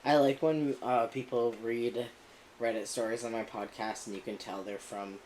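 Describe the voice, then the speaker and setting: A woman's voice: a bass voice, fairly even intonation, normal speed, a little mellow, slight background noise, low-quality recording. A woman co-hosting a podcast, making blunt remarks in casual chat. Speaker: podcast co-host.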